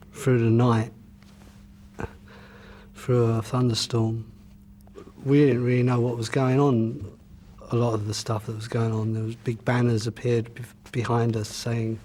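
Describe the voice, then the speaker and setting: A man's voice: mid-range voice, darkish tone, slight background noise. A musician answering interview questions and looking back on his band's early days in a loose, rambling way, with frequent "you know" and restarts. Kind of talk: casual reminiscing interview answer.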